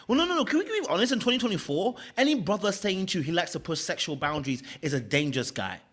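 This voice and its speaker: Animated man reviewing reality TV. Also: sits high, fast talker. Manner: animated, laughing, keeps asking "okay? all right?". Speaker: reality show commentator. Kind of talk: casual review chat.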